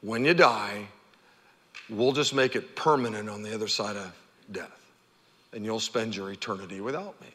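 A male pastor preaching an animated sermon, stammering over repeated words and pausing for effect. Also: lowish voice. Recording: long hall reverb.

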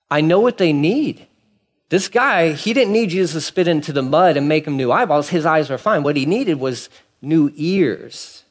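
A man in his thirties preaching a sermon as pastor, conversational and animated, acting out quick asides. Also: mid-range voice.

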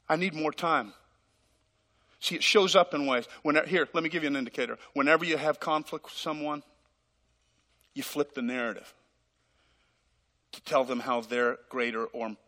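A man preaching with a high, bright voice. He plays out both sides of a conversation with God as he preaches. The sound carries the long reverb of a church hall. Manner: dramatic, acts out dialogues with God. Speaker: pastor. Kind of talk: sermon.

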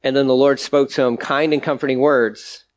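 A man's voice: medium pitch, fairly even intonation, moderate pace. A male pastor giving a conversational sermon, explaining scripture in a casual, chatty way with everyday asides.

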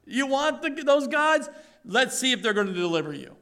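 A man preaching a sermon in an animated, emphatic way, full of rhetorical questions. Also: very high voice, moderate pace, clean tone.

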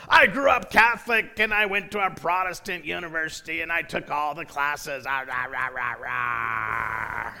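A male preacher voicing a loud, blustering know-it-all man seated beside him on a plane. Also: steady tone, moderate pace, vocal fry, full character voice. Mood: boastful. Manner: booming, blustering.

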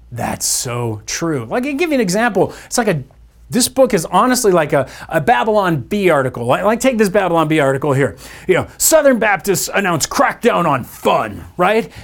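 A male pastor with a high-sitting, creaky voice delivers a sermon in a conversational way, tossing playful asides to his listeners. The audio comes through a church podcast microphone.

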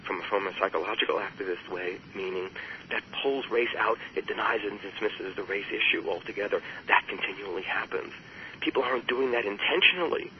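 Male therapist guest, lower register, earnest and emphatic; dull radio audio. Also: brisk, slight background noise. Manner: emphatic, rises sharply on quoted voices. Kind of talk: earnest explanatory interview talk.

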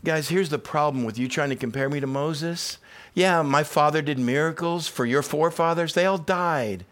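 A man's voice: a little high, moderate pace, a bit bright. A man preaching a sermon, building to emphatic repeated phrases and acting out voices in casual asides. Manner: preaches with rising intensity, repetitive emphasis; dramatizes quoted voices in conversational asides. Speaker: pastor.

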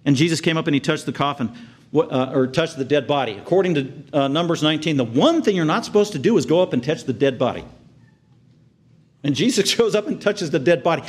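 A man delivers a sermon in a somewhat high voice. He sinks to quiet, tender passages and then climbs into loud, excited bursts as he acts out the crowd's outrage. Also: fast, breathy edge. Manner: earnest preaching, swings from hushed tender lows to loud excited highs. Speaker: pastor.

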